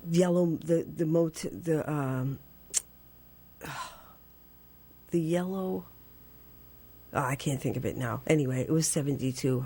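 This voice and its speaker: Gravelly, low-voiced woman in her 60s. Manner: animated storyteller, laughs often, jumps to a squeaky high voice for her younger self. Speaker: guest. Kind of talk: storytelling in a radio interview.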